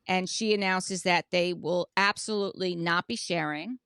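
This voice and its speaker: A woman's voice: lowish voice, normal speed, fairly bright tone, smooth, dry recording. Female podcast co-host, casual recap chatter, dry close sound. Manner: chatty, recounts details at length. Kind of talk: casual chat recapping a reality show.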